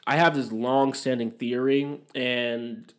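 Taking it slowly in a steady, middle-pitched voice, a young podcast host delivers a casual, rambling monologue on his own. He swears freely as he gives his opinions.

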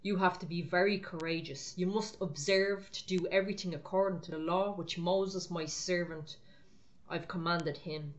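A woman delivers a sermon in a fairly low-pitched voice. She urges her listeners firmly, talking to them directly in a conversational way. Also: steady tone, moderate pace, lo-fi sound. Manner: exhorting, firm, conversational. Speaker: preacher. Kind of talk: preaching sermon.

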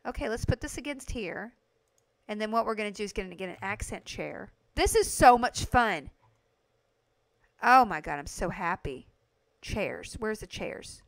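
A woman livestreaming a game, chatting to her viewers in a chatty, gushing, excitable way. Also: mid-range voice, no room sound. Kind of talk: casual gameplay commentary to chat.

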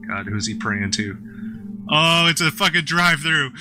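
A man giving casual gameplay commentary as a gaming YouTuber, playful and excitable, laughing and swearing often. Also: a little high, normal speed, over music.

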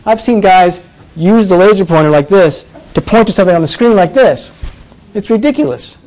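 A man teaching presentation skills to a live audience, energetic and demonstrative, often quizzing the room. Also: high voice, normal speed. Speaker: presentation coach. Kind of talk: live workshop talk.

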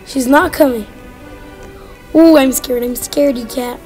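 A woman hosting a casual gameplay chat, excitable and jumpy, giggling and teasing her teammate. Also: high voice, unhurried, music in the background, rough recording. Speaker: gaming channel host.

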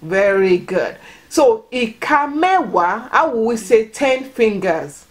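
Speaking slowly, with a fairly high pitch and lively intonation, a vlogger teaches Yoruba words to children at home. She patiently encourages them, prompting and repeating every word.

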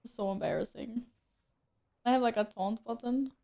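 A woman talks casually through a game stream, answering viewers and poking fun at herself. Her voice sits a little high, and she laughs easily between remarks. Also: expressive, normal speed, vocal fry, warm tone. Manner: chatty, self-mocking, laughs often. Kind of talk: casual gameplay stream chat.

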